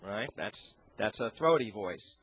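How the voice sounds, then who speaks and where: A man teaching singing as an interview guest, talking in a halting way and searching for his words into a handheld microphone. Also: lowish voice, expressive, fairly bright tone, husky, no room sound. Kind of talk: explaining with sung demonstrations.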